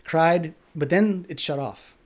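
A podcast host with a fairly high voice takes his time telling a candid personal story. He's earnest and reflective, leaning on lots of filler "like"s.

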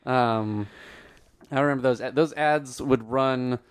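A man's voice: medium pitch, slow pace, clean tone. An American man co-hosting a podcast, chatting casually in a playful, rambling way with lots of fillers. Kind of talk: casual chat.

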